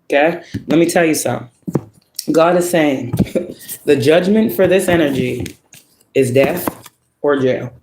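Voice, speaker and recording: Brief: male tarot reader with a fairly high voice, blunt, swears a lot, laughs between points, echoey room. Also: measured pace, pauses often, background noise. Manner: profane, emphatic, laughs often. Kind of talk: casual spoken tarot reading.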